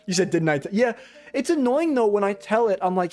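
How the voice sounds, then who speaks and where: A man's voice: high voice, lively intonation, moderate pace, a little mellow, soft background music. Rambling, slangy young man streaming. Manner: rambling, slangy and profane, self-mocking. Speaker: livestreamer and day trader. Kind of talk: casual livestream chat.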